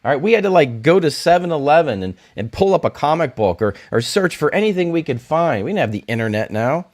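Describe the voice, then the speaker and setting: A man's voice: on the high side, quick pace. A man in his forties hosting a livestream, chatting casually and joking as he reads out viewer comments. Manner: animated and joking, with frequent laughs and restarts. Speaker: livestream host.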